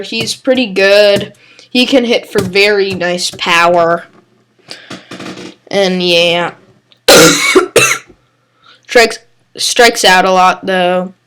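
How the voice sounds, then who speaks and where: Young female host, unhurried rambling delivery, hiccups and a cough. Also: medium pitch, a bit bright. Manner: rambling, filler-heavy, self-correcting. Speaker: baseball channel host. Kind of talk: casual solo commentary.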